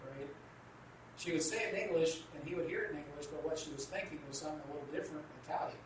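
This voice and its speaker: Very fast and high-voiced, this man is a co-host teaching a Christian marriage class on a casual radio discussion. The recording is noisy and echoey, with him sitting distant from the mic.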